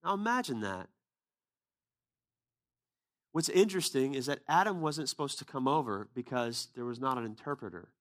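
A man's voice: medium pitch, expressive, moderate pace, long pauses. A man preaching a sermon, telling a personal story in a casual, conversational way and then pressing his point earnestly. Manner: casual, conversational retelling with quoted dialogue.

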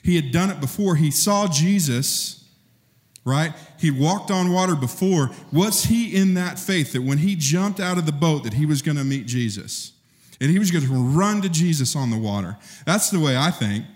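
A man preaching a sermon, telling a story and acting out voices, rising in pitch and force when stirred. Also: lively intonation, moderate pace. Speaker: pastor. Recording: long reverb of a large hall.

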